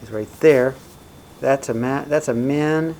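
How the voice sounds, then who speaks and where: A male math teacher walks through graphs in a relaxed, chatty way. He keeps tossing "right?" and "okay?" to his students, and his voice sits at an ordinary middle pitch. A faint hiss runs under the recording. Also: a little slow, rough recording. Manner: casual, checks in often with "right?" and "okay?".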